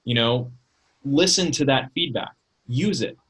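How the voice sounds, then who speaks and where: A man, a talent manager, giving casual advice on pitching in a webinar over a video call, talking conversationally with many fillers and rhetorical questions. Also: expressive, unhurried, a bit bright, husky, rough recording. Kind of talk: casual instructional talk.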